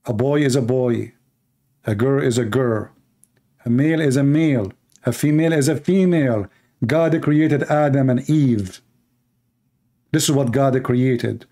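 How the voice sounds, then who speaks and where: A man's voice: medium pitch, dark tone. Fiery Arabic-accented male preacher. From Middle East. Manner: emphatic, repetitive exhortation with short punchy lines. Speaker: Christian preacher. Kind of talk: fiery political sermon.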